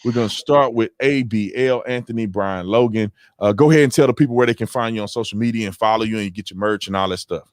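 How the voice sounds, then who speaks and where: A man's voice: on the low side, quick pace, hardly any pauses, no echo, studio quality. A man hosting a casual panel livestream, telling stories with slang and acting out what people said. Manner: animated storytelling, slangy, acts out quotes. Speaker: host.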